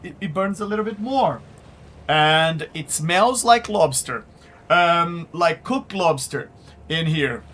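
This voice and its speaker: A man running a live tabletop game as game master, with a measured delivery and "very well" as his recurring cue. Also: on the high side, expressive, fairly bright tone.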